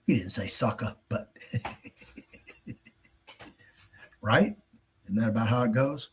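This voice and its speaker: A man's voice: mid-range voice, big pitch swings, slow, long pauses, slight background noise. A male show host delivering a blunt, profane, exasperated rant with frequent restarts. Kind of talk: ranting monologue.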